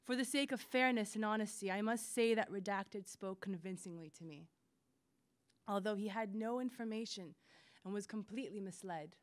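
A woman reading a prison memoir aloud on stage, slow and emphatic. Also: mid-range voice. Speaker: reader.

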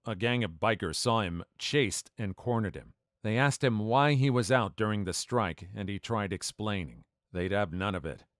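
A man doing scripted story narration in an animated way, acting out the dialogue. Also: on the low side, dry recording, studio quality.

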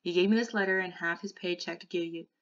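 A woman voicing a tough, gruff teenage greaser boy who talks in curt slang. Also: fairly low pitch, fairly even intonation, quick pace, no echo, highs cut off, natural voice. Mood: blunt.

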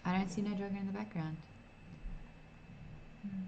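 A woman's voice: medium pitch, steady tone, moderate pace, lo-fi sound, noisy background. A woman streaming an old computer game in casual, self-mocking commentary, reading game text aloud as she plays.

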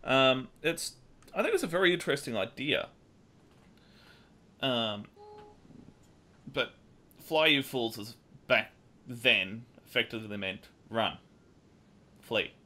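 A man's voice: mid-range voice, expressive, slow, pauses often, bright, forceful tone. An Australian man hosting a casual podcast, rambling with fillers and laughing often. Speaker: podcast host.

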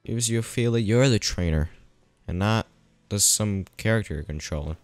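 This let's-play narrator has a fairly low voice and talks at normal speed on a dry recording with faint music underneath. He thinks aloud as he plays and teases the game's characters in a casual way.

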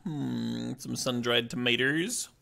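Gravelly, playful man streaming a game. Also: medium pitch, slow pace. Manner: playful, joking, swears when excited. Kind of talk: casual game commentary.

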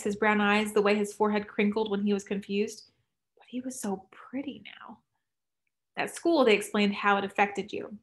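A woman narrating an audiobook in a measured way, dropping to a hush in tense moments. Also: mid-range voice. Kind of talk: scripted narration.

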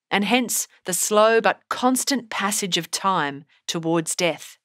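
A woman teacher giving a scripted poetry lesson in a measured, explanatory way. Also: medium pitch, a bit bright, dry recording, clean studio sound. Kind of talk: scripted narration.

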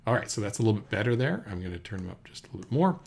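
A man with a gravelly, slightly low voice teaches a computer recording lesson. He talks through each step in a relaxed, unhurried way, with plenty of fillers. He speaks into a desk microphone in a room indoors. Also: background noise. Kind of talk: screen-recorded software tutorial. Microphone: USB desk microphone.

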